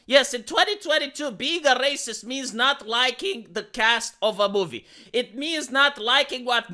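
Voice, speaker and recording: Sarcastic man with a bright voice. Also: very high voice, moderate pace. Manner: sarcastic, theatrical, mock-grandiose. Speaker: YouTube commentator. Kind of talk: ranting commentary vlog.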